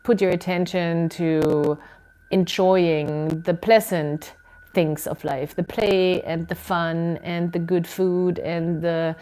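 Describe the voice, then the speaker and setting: A woman reads tarot cards in a casual, musing way. Her voice sits fairly low and she speaks slowly, pausing often with ums and small laughs. She is indoors at home, talking straight to her viewers. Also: fairly even intonation, smooth, low-quality recording. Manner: unhurried and musing, with many ums and soft laughs. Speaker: tarot reader.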